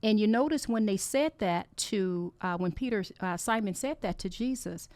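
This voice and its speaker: A woman's voice: mid-range voice, expressive, normal speed, a little mellow, dry recording. Woman host, heartfelt inspirational faith talk, tearful and encouraging, dry close sound. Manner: earnest, encouraging, emotional. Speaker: podcast host.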